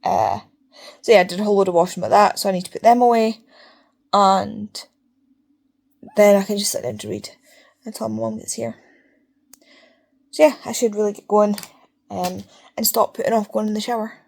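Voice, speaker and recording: A woman's voice: mid-range voice, steady tone, normal speed, vocal fry, pauses often, a little mellow. A young Scottish woman talking casually in a home reading vlog, chatty and prone to swearing rants. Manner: chatty, ranting, swears freely. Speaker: book vlogger.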